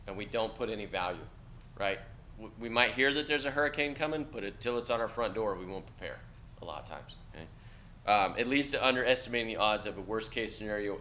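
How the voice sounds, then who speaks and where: A man's voice: medium pitch, pushed and bright, a little hiss or hum. Blunt, chatty male college lecturer. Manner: conversational, blunt, peppers lines with "okay?" and casual swearing. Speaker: university lecturer. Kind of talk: casual classroom lecture. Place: lecture classroom.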